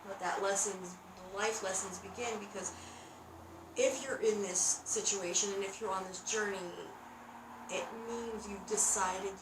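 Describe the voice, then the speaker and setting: A woman co-hosting a spiritual podcast, talking in a reflective, unhurried and encouraging way. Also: medium pitch, steady tone, noisy background. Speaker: podcast co-host. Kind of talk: casual spiritual chat. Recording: roomy, distant mic, faint ambience.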